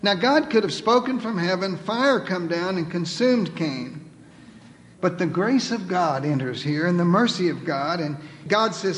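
High-voiced preaching man in a reverberant hall. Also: expressive, measured pace, slight background noise. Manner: emphatic preaching, quoting scripture, dropping to soft pleading. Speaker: pastor. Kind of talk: sermon. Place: church sanctuary.

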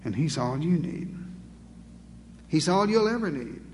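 High-voiced man preaching a sermon. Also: sing-song, unhurried, big-room sound, slight background noise. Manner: emphatic, rhetorical, dryly humorous. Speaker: pastor.

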